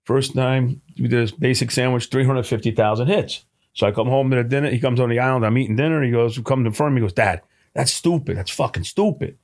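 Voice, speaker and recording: Fast-talking middle-aged New man. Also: medium pitch. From New Jersey. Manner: animated storyteller, acts out dialogue, swears casually. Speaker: deli owner, guest. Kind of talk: casual storytelling chat.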